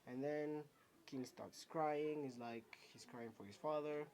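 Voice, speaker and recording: A man reviewing his own manga chapter for a video, talking casually in a halting, rambling way full of fillers. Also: on the high side, a little mellow.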